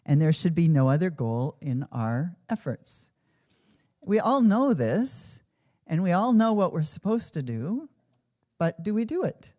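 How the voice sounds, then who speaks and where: Speaking in a temple, a woman with a fairly low, warm voice talks in an unhurried, sing-song way. Her earnest devotional talk mixes storytelling with reflective questions.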